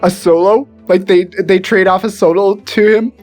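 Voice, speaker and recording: A man's voice: fairly even intonation, normal speed, soft background music. A man co-hosting a podcast in casual chat, rambling, repeating words and laughing often. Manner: mimics voices in high squeals when retelling. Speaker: podcast co-host.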